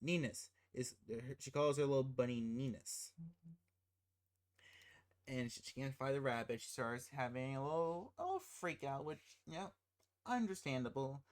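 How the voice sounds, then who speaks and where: Rambling, excitable movie ranter. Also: mid-range voice, normal speed. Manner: rambling, self-interrupting with laughing asides; gets loud and excited when frustrated. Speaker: movie commentator. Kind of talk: casual spoiler rant.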